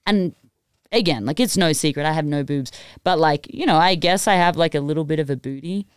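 An Australian woman tells a story in loose, casual podcast chat, tossing in laughs and fillers. Her voice is smooth and clear. The mic sound is close and dry. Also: low-pitched, fairly quick, no echo. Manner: chatty, giggly, lots of fillers. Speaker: music producer, podcast guest.

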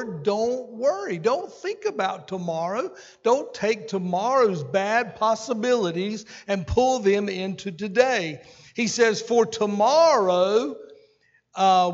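In a church sanctuary, a senior pastor preaches a folksy, conversational sermon and throws in asides to his congregation. For a man his voice is notably high, and the dull, muffled recording carries a long reverb through the hall.

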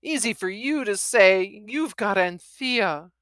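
A woman's voice: mid-range voice, expressive, takes it slowly, a bit bright, dry recording, voice pushed up. Woman reading as a cocky flirting pilot. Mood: teasing. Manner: brash and sulky.

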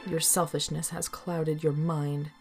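A woman's voice: deep voice, little pitch movement, measured pace, soft background music. A woman voicing a grieving female forest spirit who pleads with a woodcutter in an audio storybook. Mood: desperate.

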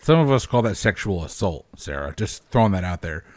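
A man's voice: low-pitched, very animated, a little fast. A man hosting a casual podcast over a video call, wry and steering the panel from one speaker to the next. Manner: wry, moderating, hands turns to panel. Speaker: podcast host.

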